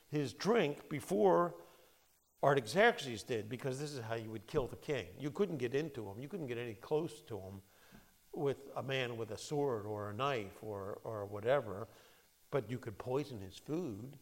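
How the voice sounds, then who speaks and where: A man teaching a Bible study, reading scripture aloud and explaining it in a lively, conversational way. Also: medium pitch. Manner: lively, conversational, acts out quotes.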